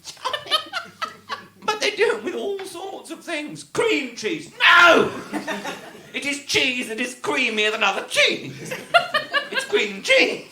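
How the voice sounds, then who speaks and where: A man's voice: very high-pitched, sing-song, a little slow, sharp tone. Man ranting, voice leaping all over. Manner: exasperated pedantic rant, laughing. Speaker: comedy panel guest. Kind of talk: live comedy podcast banter. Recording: echoey noisy live venue.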